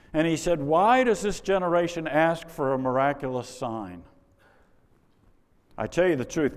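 A man preaching a sermon, with wry rhetorical questions and exasperated asides. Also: mid-range voice. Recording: long reverb of a large hall.

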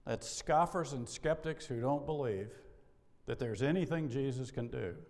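A middle-aged male pastor delivers a sermon with lively energy, slipping into acted dialogue and chuckling as he goes. His voice sits in a middle register. It carries a long reverb tail, as if recorded in a large sanctuary. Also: mid-range voice, a little slow. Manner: animated preacher, acts out dialogue, laughs often.

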